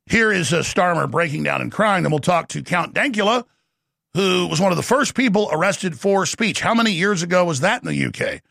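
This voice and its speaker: Gravelly, bombastic male talk host. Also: sits high, expressive, a bit bright, no echo, clean studio sound. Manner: bombastic, fast-talking, scornful. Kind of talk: ranting talk radio monologue.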